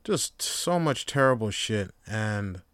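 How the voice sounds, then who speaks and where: A man hosting a solo podcast, talking in a casual, profane, rambling way that swings between quiet reflection and animated storytelling. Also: fairly low pitch, takes it slowly, dry recording. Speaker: podcast host.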